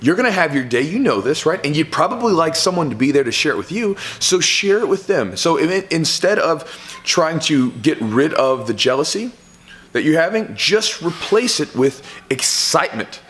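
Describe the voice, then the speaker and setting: A man's voice: on the high side, big pitch swings, moderate pace, fairly bright tone. A man who coaches jiu-jitsu, giving loose, conversational advice to camera, full of fillers and "right?" tags. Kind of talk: casual advice talk to camera.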